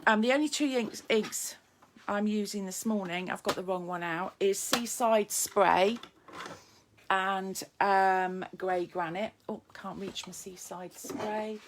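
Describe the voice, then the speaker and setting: A middle-aged woman talks through a card-making project at her desk in a chatty, self-mocking way, greeting viewers as she works. Her pitch sits in a middle range for a woman. A faint hiss runs under the recording. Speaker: papercraft demonstrator. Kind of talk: live card-making demo chat.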